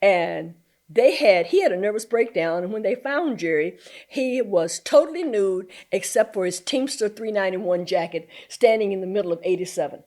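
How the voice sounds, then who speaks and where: Older woman from the south, guest on an interview, animated, voice rises and falls a lot. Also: medium pitch, moderate pace. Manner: animated storyteller, laughs often. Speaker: interview guest, community activist. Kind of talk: storytelling interview.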